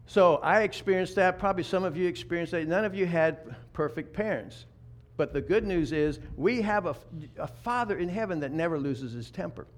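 A man's voice: high voice, normal speed. A man in his fifties preaching a sermon in a conversational way, often restarting and repeating words. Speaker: pastor.

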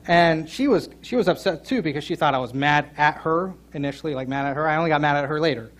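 A middle-aged man preaching a sermon, telling a funny story and joking with his congregation, with loud emphatic peaks. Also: on the high side, fast talker, few pauses. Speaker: pastor. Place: church sanctuary.

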